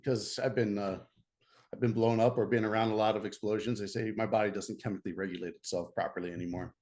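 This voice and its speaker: A middle-aged American man, a podcast guest, telling a story in a casual, animated way, often laughing and restarting his sentences. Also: on the low side, fast talker.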